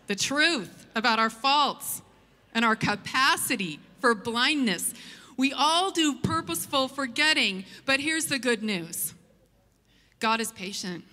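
Woman pastor, earnest sermon delivery, bright tone, church hall echo. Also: on the high side. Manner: earnest, storytelling preacher. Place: church sanctuary. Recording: long church hall reverb.

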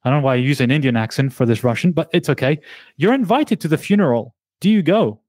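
A man's voice: a little high, lively intonation, quick pace, a little mellow, dry recording. A man hosting a casual podcast debate, putting playful mock-serious questions to his guests. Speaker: podcast host and debate moderator.

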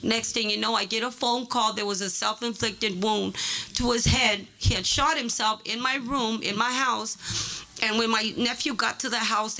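Emotional woman with a bright, gravelly voice. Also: on the high side, low-quality recording. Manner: halting, with restarts and fillers. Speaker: public commenter. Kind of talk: public testimony at a board meeting. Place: public meeting hall.

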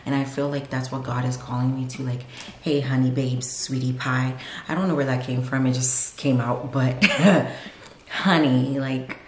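Very low-voiced woman vlogging in an echoey room. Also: fairly even intonation, normal speed, few pauses, a little mellow, a little hiss or hum. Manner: rambling, confessional, lots of "like". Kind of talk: candid vlog monologue. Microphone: camera mic, no lapel. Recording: echoey room on camera mic.

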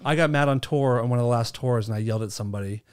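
A man's voice: medium pitch, rapid-fire, a little mellow, clear, resonant tone. A man from the Boston area hosting a podcast, chatting casually with crude, teasing, profane jokes. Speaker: host.

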